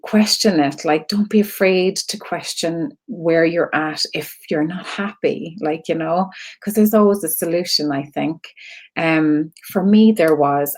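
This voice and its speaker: A woman's voice: on the low side, darkish tone. Emotional Irish woman hosting a live stream. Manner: earnest, rambling, with fillers and frequent laughs. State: emotional, close to tears. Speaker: host of an online creative community. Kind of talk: casual live-stream talk to viewers.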